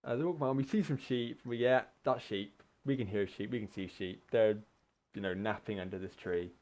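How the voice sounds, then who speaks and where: Sweary, animated British man telling a story. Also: fairly low pitch, brisk. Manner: sweary, animated, laughs mid-sentence, acts out shouted quotes. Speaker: gaming podcast co-host telling a story. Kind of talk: casual storytelling chat.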